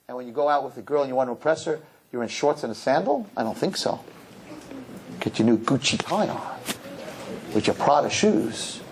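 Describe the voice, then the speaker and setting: A rabbi giving a humorous sermon to young people, telling stories and jumping into high, mocking voices. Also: male voice, slight background noise. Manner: animated storyteller, jumps into high mocking voices. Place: synagogue hall.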